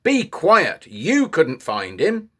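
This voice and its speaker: A man's voice: medium pitch, sing-song, measured pace, a bit bright, heavily acted. Bossy chief wolf, firm, storybook, guy doing it. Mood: commanding. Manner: firm, commanding. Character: stern male chief wolf, commanding.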